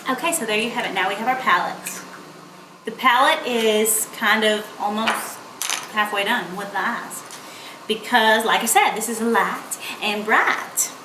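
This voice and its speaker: A woman's voice: fairly high pitch, a little slow, background noise. A young woman, chatting playfully through a makeup tutorial. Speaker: beauty vlogger. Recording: echoey room.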